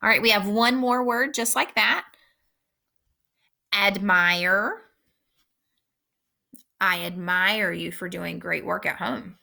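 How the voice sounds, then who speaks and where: Bright-voiced woman teaching phonics. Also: mid-range voice, fairly even intonation. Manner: slow, clear instructional pacing with repeated words. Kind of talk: recorded phonics lesson.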